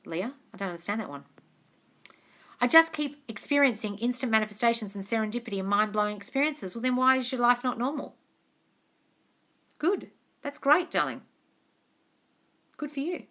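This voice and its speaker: Blunt, bright-voiced Australian woman. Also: fairly high pitch, expressive, moderate pace, pauses often. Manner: blunt, frank, swears freely, calls viewers darling. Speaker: manifestation coach. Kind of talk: casual live-stream Q&A, reading out comments. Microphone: phone on a live stream.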